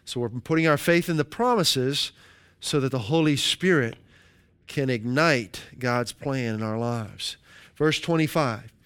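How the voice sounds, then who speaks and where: A man preaching a sermon as pastor, leading his congregation through slow, emphatic call-and-response lines. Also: medium pitch, a bit bright, clean tone.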